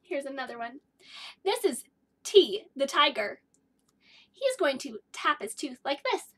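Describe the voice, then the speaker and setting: A woman's voice: high voice, sing-song, moderate pace. A woman teaching a kindergarten phonics lesson, storytelling in a sing-song way and stretching out letter sounds for young children.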